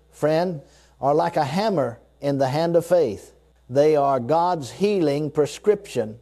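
Warm-voiced man preaching a sermon. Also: a little high. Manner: emphatic, repetitive, leads the listeners in spoken confessions.

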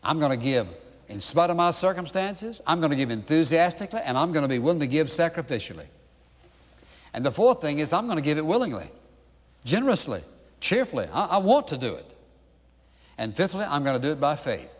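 A man's voice: a little high, lively intonation, brisk, long pauses, long reverb tail. A male pastor preaching a sermon in an emphatic way, pressing his points with repeated rhetorical questions.

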